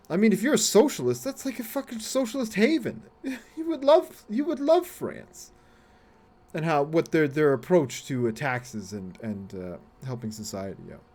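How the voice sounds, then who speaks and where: A man's voice: medium pitch, a little mellow. A man chatting casually while live-streaming a game, rambling, swearing freely and laughing often as he talks to his viewers.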